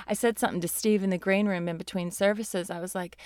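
Woman, mid pitch, bubbly earnest improv co-host, close dry mic. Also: fairly even intonation, fairly quick, a little mellow, no echo. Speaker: comedy podcast co-host. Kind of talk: improvised character comedy chat.

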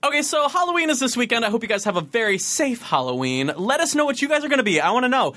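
A man's voice: very high-pitched, sing-song, quick pace, sharp tone. Brief: young male podcast co-host, giggly and playful, voice leaps all over. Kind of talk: casual banter.

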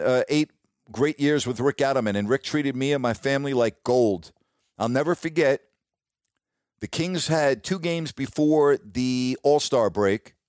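A middle-aged man, a sports broadcaster, telling stories casually and warmly, dropping his voice when he quotes others. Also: dry recording, clean studio sound. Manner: warm, reminiscing, quotes others in a lowered voice. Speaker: sports broadcaster, podcast host. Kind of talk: casual storytelling monologue.

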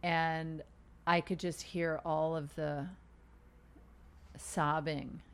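A woman's voice: deep voice, flat delivery, drawn-out words, clear, resonant tone. A middle-aged woman co-hosting a casual chat, teasing and laughing often as she talks. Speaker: podcast co-host.

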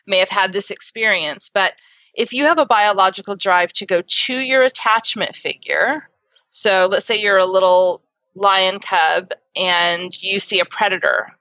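A woman psychotherapist and author, speaking as an interview guest and explaining ideas earnestly with lively examples. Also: medium pitch, measured pace, dry recording. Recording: dull lo-fi sound.

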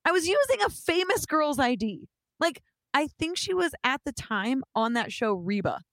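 A young adult woman casually telling an animated story, swearing offhand and acting out what people said. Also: sits high, normal speed, no room sound. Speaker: guest storyteller.

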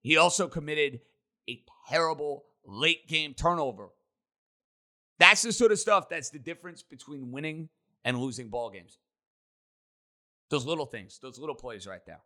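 A man hosting a sports talk show, delivering an opinionated monologue with emphatic, rapid-fire takes. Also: on the high side, animated, bright, forceful tone. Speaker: sports radio host.

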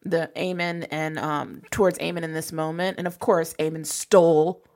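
Slangy laughing woman, low voice. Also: fairly even intonation, moderate pace, darkish tone. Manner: laughing, loose, slangy talk with many fillers. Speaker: podcast co-host. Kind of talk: casual chat about a TV episode.

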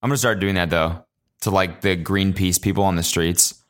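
Young male solo podcaster, low-pitched, casual and profane, jokes his way through stories. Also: fairly even intonation, normal speed, fairly bright tone. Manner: rambling, profane, jokey storytelling; acts out quotes in exaggerated higher voices. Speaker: podcast host.

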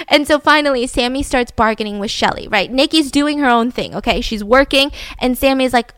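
A woman's voice: high voice, brisk, a bit bright, smooth, no echo. A woman host telling a true-crime story in a chatty, conversational way, with asides to her co-host.

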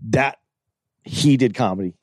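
A man in relaxed casual conversation, speaking offhand and swearing casually. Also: medium pitch, unhurried, dry recording, clean studio sound. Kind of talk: casual chat.

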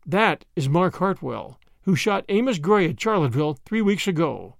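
A man's voice: high-pitched, sing-song, moderate pace, creaky, no echo, clean studio sound, full character voice. A man voicing a grown son who speaks earnestly and matter-of-factly, in a storybook reading. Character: grave, dutiful grown son.

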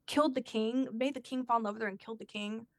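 Animated woman telling a story. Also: a little high, racing, no room sound, clean studio sound. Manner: animated, acts out quoted voices. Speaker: guest telling a personal story. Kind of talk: casual storytelling chat.

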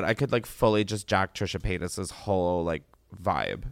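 A man hosting a podcast in casual chat, joking and animated, his voice jumping from loud squeals down to low mutters. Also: normal speed, hardly any pauses, no echo, studio quality. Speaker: podcast host.

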